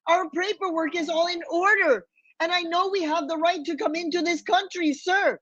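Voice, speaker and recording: A woman's voice: extremely high pitch, steady tone, moderate pace, fairly bright tone, no room sound, voice pushed up. A woman voicing a petite mother who firmly and formally stands up to an immigration agent to protect her child. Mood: fierce. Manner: firm, formal, fiercely protective. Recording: dull, lo-fi, dry.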